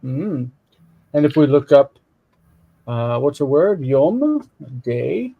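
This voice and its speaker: Co-hosting a live stream where a Hebrew Bible is read, a man with a slightly high voice talks slowly and very animatedly. He chats casually, eagerly explaining words while looking them up. The sound is phone quality with slight background noise.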